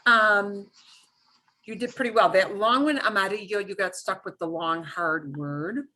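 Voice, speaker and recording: A woman's voice: medium pitch, unhurried, bright, forceful tone. A woman teaching a beginner Spanish class over a video call, patiently modeling words for students to repeat.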